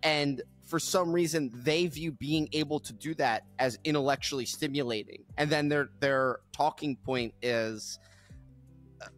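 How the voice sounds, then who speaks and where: Halting, musing man on a podcast. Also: a little high, fairly bright tone, soft background music. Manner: musing, halting, with frequent restarts and laughs. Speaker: podcast co-host. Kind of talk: casual podcast chat.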